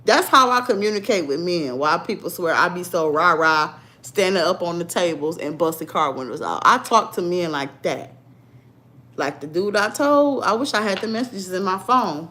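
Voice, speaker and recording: A woman's voice: on the low side, expressive, moderate pace, sharp tone. Blunt sassy woman chatting to her viewers. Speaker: livestream vlogger. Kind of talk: casual livestream chat.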